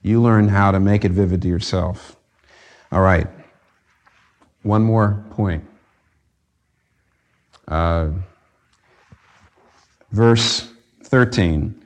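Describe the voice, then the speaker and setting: A man's voice: on the low side, drawn-out words, pauses often. A man preaching a sermon, earnest and conversational, rising to fervent emphasis on key points. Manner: conversational with fillers and restarts. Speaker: pastor.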